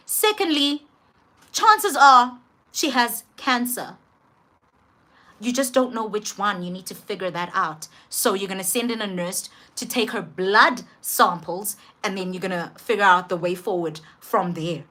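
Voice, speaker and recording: Young woman, South African accent, bright forceful voice, storytime vlog, emphatic, switches languages. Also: mid-range voice, moderate pace. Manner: animated, emphatic, switches languages mid-sentence. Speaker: vlogger. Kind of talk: storytime monologue.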